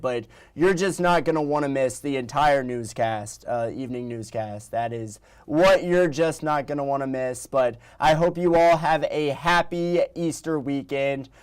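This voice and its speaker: A man's voice: medium pitch, clean tone. A man hosting a local news show in a chatty, upbeat, folksy way.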